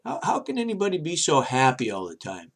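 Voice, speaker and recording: A man hosting his own show, giving a rambling, halting religious monologue, dropping soft low asides between loud emphatic bursts. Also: huge pitch swings, vocal fry. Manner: rambling, halting, many restarts and fillers. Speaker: show host.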